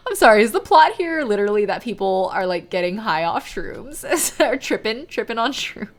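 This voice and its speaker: A woman's voice: medium pitch, big pitch swings, normal speed. A woman streaming a game, reading the characters' lines aloud in a formal tone and breaking off to chat and laugh.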